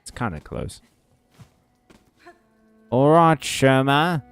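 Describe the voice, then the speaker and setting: A man's voice: mid-range voice, sing-song, extremely slow, vocal fry, clean tone, faint music behind. A man streaming a game, chatting casually with viewers, joking and swearing as he plays. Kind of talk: casual gameplay commentary.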